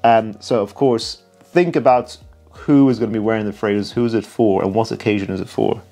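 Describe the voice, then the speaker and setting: A man's voice: fairly low pitch, steady tone, brisk, warm tone, soft background music. A man chats through a perfume video as a reviewer, tired but enthusiastic. He talks in a loose, self-mocking way, full of asides. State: tired late at night. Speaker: perfume reviewer reacting to a documentary. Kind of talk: casual reaction commentary.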